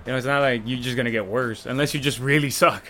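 A man's voice: mid-range voice, steady tone, fast, a bit bright, soft background music. Agreeable man chatting casually. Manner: agreeable, short backchannel replies. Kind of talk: casual chat.

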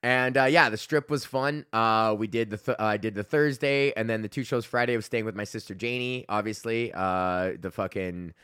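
A young comedian from Alberta, Canada, hosts his own podcast and rambles casually about his week, swearing a lot, laughing often and restarting sentences. His lowish voice is pushed, bright and smooth, at normal speed with few pauses. The dry recording is studio quality.

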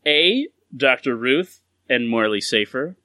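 A man hosting a casual trivia game among friends, reading out questions and multiple-choice answers deliberately. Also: mid-range voice, lively intonation, pushed and bright, dry recording. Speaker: trivia quiz host. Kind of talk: casual game-show chat.

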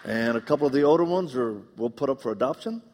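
A middle-aged man preaching a live sermon, animated and joking, acting out the voices in his stories. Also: medium pitch, fast, slight background noise. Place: church auditorium. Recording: long reverb of a large hall.

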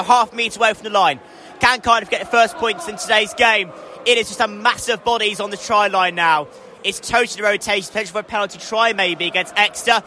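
A young man giving live, excitable rugby commentary from a stadium stand, his voice climbing into shouts at big moments. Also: high-pitched, a little hiss or hum. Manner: excitable, rising to shouts at scores. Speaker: match commentator.

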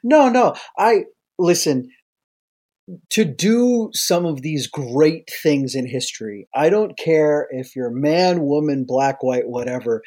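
A man's voice: a little high, lively intonation, takes it slowly, darkish tone. A man from central Iowa, a pediatric infectious disease doctor, co-hosting a podcast in casual banter and laughing often.

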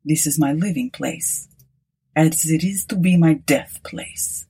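A woman voicing an old male prophet who delivers solemn warnings slowly and gravely. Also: deep voice, mellow, exaggerated voice.

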